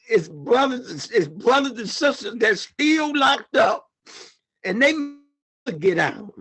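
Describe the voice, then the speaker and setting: High, bright-voiced impassioned man. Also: sing-song, slow pace, husky. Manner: impassioned, repeats himself, often says "man". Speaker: panel speaker. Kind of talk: emotional personal testimony.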